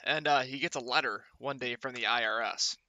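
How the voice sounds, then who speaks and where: Bright-voiced, swearing male streamer. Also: medium pitch, fairly quick. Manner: profane, rambling storyteller with restarts. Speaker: game streamer. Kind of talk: casual joke-telling over gameplay.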